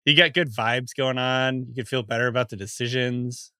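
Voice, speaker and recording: A man's voice: mid-range voice, steady tone, normal speed, sharp tone, no echo, studio quality. A man co-hosting a podcast in casual chat, laughing easily and musing with hesitant restarts. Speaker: podcast co-host.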